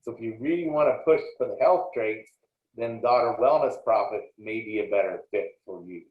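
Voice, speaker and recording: A man's voice: fairly low pitch, normal speed. Man giving a roomy lo-fi lecture. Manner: plainspoken and explanatory, with frequent small restarts. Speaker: dairy extension lecturer. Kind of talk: recorded slide lecture. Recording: roomy, dull lo-fi sound.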